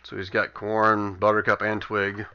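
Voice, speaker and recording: A man's voice: on the low side, monotone, measured pace, sharp tone, smooth. A man running a tabletop game as game master, counting dice rolls aloud and describing combat casually. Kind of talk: narrating a tabletop game over voice chat. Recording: dull lo-fi voice chat audio.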